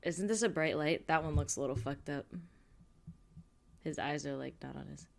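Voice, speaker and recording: A woman co-hosting a casual movie reaction commentary, giggly and quick to react. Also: sits low, gravelly.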